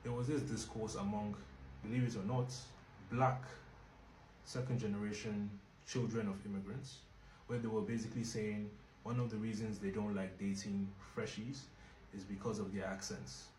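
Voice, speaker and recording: Echoey, low-voiced man reviewing a book. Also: flat delivery, moderate pace, a little mellow. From Nigeria. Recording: echoey room with faint noise.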